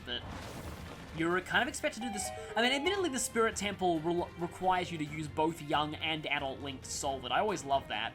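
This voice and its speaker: A gameplay commentator talking casually over a let's-play, rambling through gaming trivia and side stories. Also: medium pitch. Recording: game music playing under voice. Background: game music.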